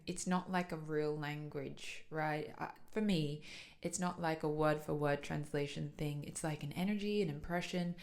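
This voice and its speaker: A young adult woman talking casually about her spiritual practice, earnest and flowing, with many "like"s and "so"s. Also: low voice. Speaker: light language channeler. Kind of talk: casual personal talk.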